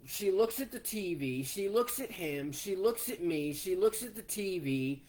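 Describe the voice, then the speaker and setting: A man in his forties recounts a personal story at an unhurried pace. He talks plainly and takes events one step at a time. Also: sits high, animated, darkish tone. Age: 40s. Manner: slow, plainspoken, retelling step by step. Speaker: vlogger.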